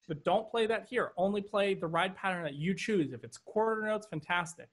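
This drum teacher's high voice moves at normal speed with hardly a pause, carrying a little hiss or hum through the video call. He breaks down patterns step by step, punctuating with "okay", while the drum kit plays loudly in the background.

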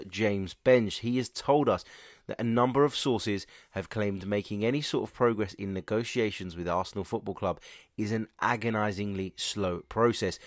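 Male podcast host, lowish voice, stuffy and congested, chatty and opinionated, dry close sound. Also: no room sound. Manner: chatty and opinionated, addresses listeners directly. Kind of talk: transfer news update.

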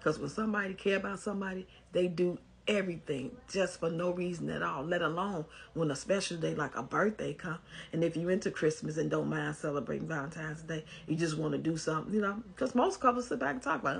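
Gravelly, heavily raspy, blunt scolding advice, casual. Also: medium pitch, quick pace. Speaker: advice commentator. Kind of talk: casual advice commentary, reading a post aloud.

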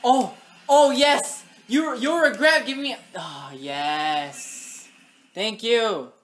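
A woman giving live gameplay commentary, excitable, talking to the game and yelling at opponents. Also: a little high, slow pace, soft background music. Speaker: gaming channel host.

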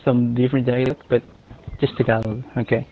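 A man's voice: mid-range voice, little pitch movement, brisk, warm tone. A man vlogging in a casual voice chat, joking and teasing as he talks. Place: virtual-world voice chat. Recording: tinny voice-chat audio, faint hiss.

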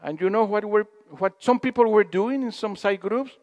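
A man's voice: high voice, normal speed, a little mellow. A man giving a spiritual talk to an audience in a hall, telling stories, acting out quotes and putting questions to the listeners. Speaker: speaker at a spiritual gathering.

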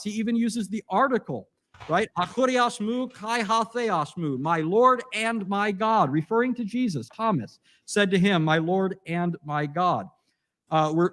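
A man's voice: high-pitched, fairly bright tone. A man giving a debate rebuttal, arguing emphatically, quoting scripture and Greek, with frequent restarts and fillers.

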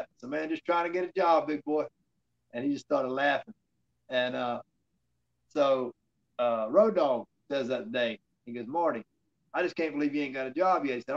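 A man's voice: fairly high pitch, dull audio. Rambling man with a drawl. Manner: rambling anecdotes with fillers, acting out quoted dialogue. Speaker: interview guest, former wrestler. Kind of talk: casual storytelling in an interview.

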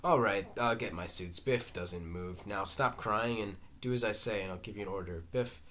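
A man with a fairly low voice reads a play aloud, taking every part himself. He reads the stage directions along with the lines and now and then stumbles and starts over. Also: bright, forceful tone. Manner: halting, with restarts and stage directions read aloud. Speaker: reader. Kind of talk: amateur reading of a play, all parts.

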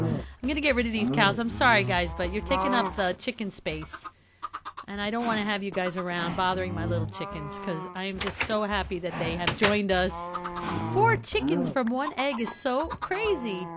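A woman hosting a game let's play, chatting casually to her viewers and getting excited easily. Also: medium pitch, noisy background. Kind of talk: casual gameplay commentary.

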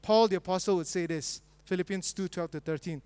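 A male pastor preaching a sermon with pauses and rising emphasis. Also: high voice, a little mellow, smooth, dry recording. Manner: reads a spoonerism fairy tale as a joke, then preaches with pauses and rising emphasis.

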